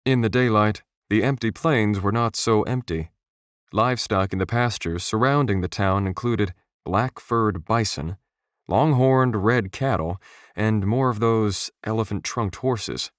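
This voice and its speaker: A man reads a fantasy audiobook in a steady, measured way. His voice sits fairly low and is recorded close, with no room sound at all. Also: dry recording. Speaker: audiobook narrator. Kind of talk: scripted narration. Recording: dry, close studio voice.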